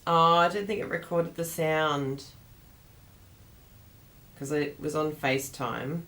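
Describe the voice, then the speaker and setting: Chatty woman host, low groggy morning voice, rambling livestream talk. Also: steady tone, takes it slowly, a bit bright. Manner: chatty and rambling, laughs often. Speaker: craft class host. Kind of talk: casual livestream chat.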